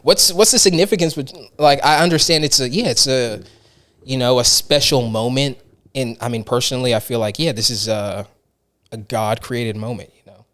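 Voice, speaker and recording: A man's voice: medium pitch, steady tone, normal speed, a bit bright, clear, resonant tone. Rambling casual podcast host, man. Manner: rambling storyteller, many "like" and restarts.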